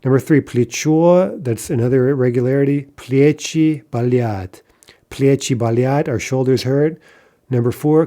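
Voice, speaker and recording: Man, language teacher, methodical, very mellow dark tone, mid pitch. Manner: methodical, checks in with "right?" and "okay". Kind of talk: online language lesson.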